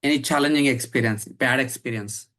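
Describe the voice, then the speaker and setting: A man's voice: mid-range voice, brisk, pushed and bright. A man hosting a podcast, asking brief polite interview questions. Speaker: podcast host.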